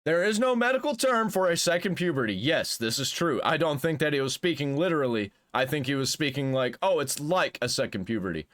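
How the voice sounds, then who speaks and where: A man's voice: on the high side, animated, brisk, few pauses, a bit bright. A man hosting a reaction commentary, talking bluntly and crudely in a rambling, casual way with frequent restarts. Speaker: commentary host.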